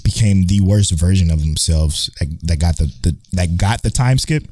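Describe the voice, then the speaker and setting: Low, dark-voiced young man hosting. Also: lively intonation, moderate pace, no room sound. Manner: rambling, profane, self-correcting. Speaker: podcast host. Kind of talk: casual anime podcast chat.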